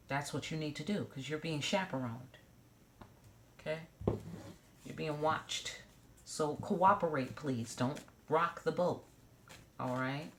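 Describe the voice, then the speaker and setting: A woman's voice: low voice, slight background noise. A woman giving a casual tarot reading to camera, blunt and profane, with joking asides and repeated check-ins of "okay?". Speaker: tarot reader.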